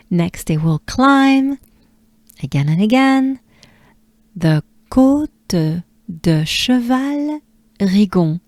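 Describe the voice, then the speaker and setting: A woman with a French accent, a pronunciation coach who repeats each word slowly and patiently and cues the listener to breathe. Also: lowish voice, animated, a little mellow, no room sound. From France. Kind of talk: slow pronunciation lesson.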